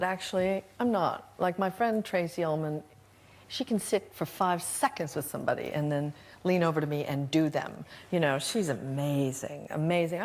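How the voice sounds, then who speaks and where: An older woman chatting as a guest on a television talk show, soft-spoken and self-deprecating. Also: on the low side. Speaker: guest actress. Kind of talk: casual chat show anecdote. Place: television studio.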